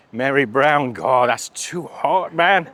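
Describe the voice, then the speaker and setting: A man's voice: fairly high pitch, very slow, fairly bright tone. A man hosting a casual travel food vlog outdoors at a street stall, chatty and cheerful, laughing often and talking while he eats. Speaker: travel vlogger.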